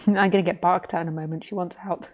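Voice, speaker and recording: Woman spiritual teacher, live Q&A; gentle and meandering, flat, soft-toned delivery. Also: fairly low pitch, fast. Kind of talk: answering viewer questions on a livestream.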